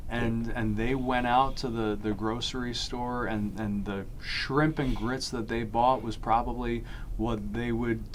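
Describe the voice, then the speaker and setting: A man's voice: on the low side, slight background noise. A man hosting a podcast in casual chat, talking in an enthusiastic, folksy way. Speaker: podcast host.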